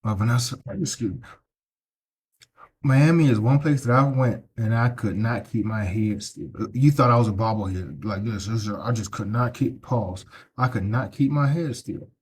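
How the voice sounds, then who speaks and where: A man's voice: medium pitch, normal speed, breathy edge. A middle-aged man vlogging outdoors on the street, talking into a handheld phone in a preachy way and tagging his points with "right?". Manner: preachy, repeats himself, tags lines with "right?". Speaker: travel vlogger. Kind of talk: casual walking vlog to camera.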